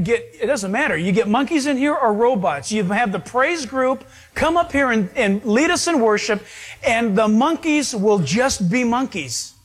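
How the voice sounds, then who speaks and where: A man with a very high voice preaches a sermon, leaning on each key point and slowing down to drive it home. He talks to his congregation directly and keeps the delivery emphatic throughout. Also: slightly rough. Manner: emphatic, slows down to stress points. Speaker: pastor.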